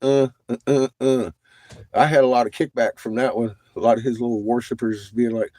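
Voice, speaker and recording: A man's voice: medium pitch, a little fast, warm tone, no room sound, clean studio sound. A man on a casual, profane rant who swears constantly, laughs often and coughs between remarks. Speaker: livestreamer.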